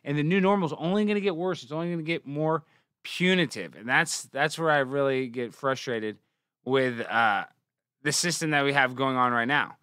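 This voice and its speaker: Young male host, bright tense voice, dry close recording, sarcastic rants. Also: normal speed, clean tone, no room sound. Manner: mocking, swings from low mutter to loud exclaims. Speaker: show host. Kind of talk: sarcastic comedic commentary.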